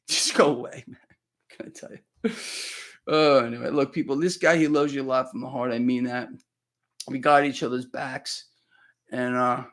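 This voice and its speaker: A man hosting live financial commentary, ranting bluntly at his viewers and calling them "people," with lots of repeated words and restarts. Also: mid-range voice. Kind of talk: live solo market commentary.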